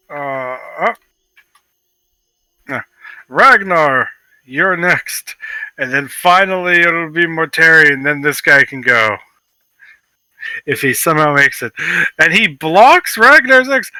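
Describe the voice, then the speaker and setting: A man narrating as game master of a tabletop game, playful and animated. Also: on the high side, slow pace, long pauses, no echo.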